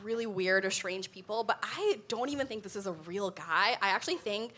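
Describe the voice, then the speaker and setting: A young adult woman delivering an animated comedic talk to a live audience, laughing often between lines. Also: medium pitch, brisk, a little hiss or hum. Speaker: comedy show guest.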